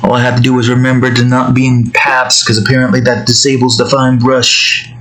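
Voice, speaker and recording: A young man narrating his digital painting in a loose, rambling way. He mutters to himself as he works, and his voice sits at an ordinary middle pitch. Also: completely flat delivery, a little fast, fairly bright tone, low-quality recording. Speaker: digital artist. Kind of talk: casual narration while drawing.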